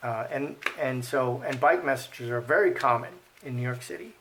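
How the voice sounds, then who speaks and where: A man's voice: mid-range voice, normal speed, fairly bright tone, a little hiss or hum. A man giving casual commentary while reading cards, thinking aloud, repeating himself and murmuring the card names. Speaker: card reader.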